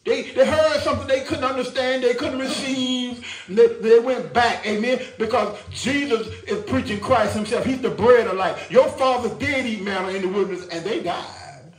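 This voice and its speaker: A male preacher with a high voice delivers a sermon, repeating himself and asking for agreement. He is caught from a distance in an echoing church. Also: moderate pace, hardly any pauses, soft background music. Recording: echoey church from far off.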